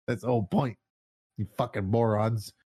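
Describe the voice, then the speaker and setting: A man's voice: fairly low pitch, steady tone, normal speed, warm tone, breathy edge. A man ranting in casual political commentary, sarcastic and mocking, swearing often and laughing often.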